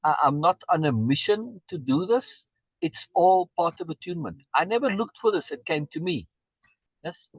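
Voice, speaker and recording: A man's voice: on the high side, lively intonation, normal speed, slightly rough, no echo, lo-fi sound. A man musing reflectively in a casual video meeting, stammering and repeating words as he talks. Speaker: meeting participant being honored.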